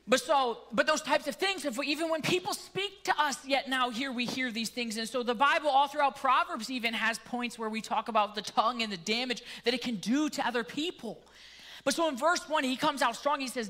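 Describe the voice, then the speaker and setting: A man's voice: very high voice, brisk, sharp tone. A male pastor with a Canadian accent preaching a sermon in a casual way, with joking asides.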